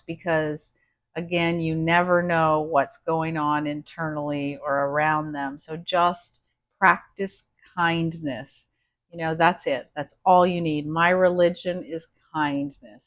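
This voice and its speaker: A woman coaching a guided self-help session, gentle and encouraging, often checking in with the listener and counting slowly through breathing exercises. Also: on the low side.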